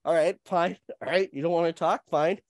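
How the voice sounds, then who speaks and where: A man hosting a comedy podcast with theatrical, drawn-out announcer introductions. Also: a little high, fairly even intonation, no room sound, studio quality. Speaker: host.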